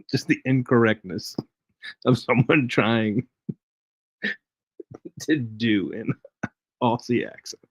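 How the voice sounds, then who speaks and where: A man's voice: medium pitch, extremely slow, pauses often, husky, no room sound. A man hosting a casual live trading stream, chatty and jokey, chuckling as he reads charts aloud. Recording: dry, dull lo-fi stream audio.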